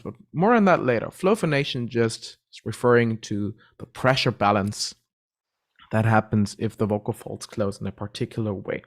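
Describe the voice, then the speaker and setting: A man teaching a relaxed vocal lesson, explaining voice registers and demonstrating the sounds himself. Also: mid-range voice, moderate pace. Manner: relaxed, explains terms patiently, breaks into vocal demos. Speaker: vocal coach.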